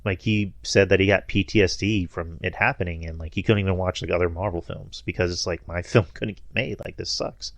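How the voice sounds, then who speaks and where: Deep-voiced man in rambling casual chat. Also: fairly even intonation, brisk, few pauses, dry recording. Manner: rambling, filler-heavy, laughs often. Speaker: podcast co-host.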